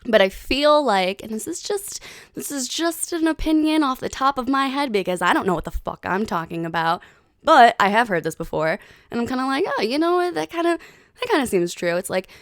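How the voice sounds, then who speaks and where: A woman in her thirties hosting a podcast, chatting casually in an animated, heated way with plenty of swearing. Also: fairly high pitch, normal speed, no echo, studio quality. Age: 30s. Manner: animated, profane, heated storytelling. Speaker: podcast host. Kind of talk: casual chat.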